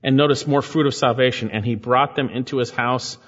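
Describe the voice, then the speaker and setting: A man's voice: mid-range voice, fairly even intonation, a little fast, a bit bright. A man preaching an expository sermon as pastor, reading scripture aloud and putting questions to his listeners. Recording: long hall reverb, dull lo-fi sound.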